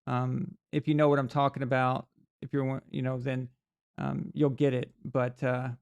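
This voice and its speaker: Gravelly-voiced man ranting casually. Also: mid-range voice, little pitch movement, normal speed, a little mellow. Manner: rambling, opinionated, frequent restarts and fillers. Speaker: sports talk show host. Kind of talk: casual live-stream talk. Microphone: desk mic on camera.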